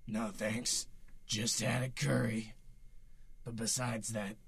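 A bored, deadpan Death, voiced by a man with a gravelly, husky voice and an unhurried pace. He speaks in a flat, weary manner, and the sound is dry and close. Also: medium pitch, dry recording, heavily acted. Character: weary, deadpan male Death collecting souls. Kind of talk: sketch comedy acting.

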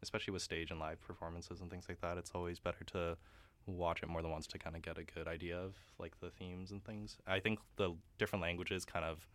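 A man's voice: low voice, little pitch movement, a little fast, fairly bright tone. A young man, a guest opera singer, chatting casually in a radio interview, laughing often and using many fillers.

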